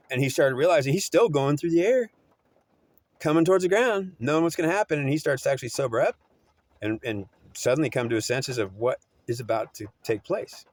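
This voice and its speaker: A man's voice: fairly high pitch, no room sound. A man telling a story in a rambling, repetitive way, often restarting and correcting himself. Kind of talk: oral storytelling.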